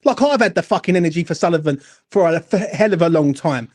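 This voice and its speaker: A high-voiced man delivers a heated, expletive-filled football fan rant. He hammers his points again and again and keeps demanding agreement from his co-host. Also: expressive, fast talker. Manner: angry, sweary, repeats "do you know what I'm saying".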